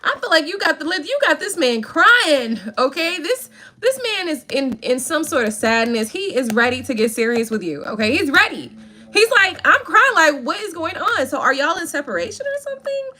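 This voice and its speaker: A woman's voice: high-pitched, big pitch swings, normal speed, sharp tone. A woman giving a casual tarot reading, sassy and playful, full of slang and asides. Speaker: tarot reader.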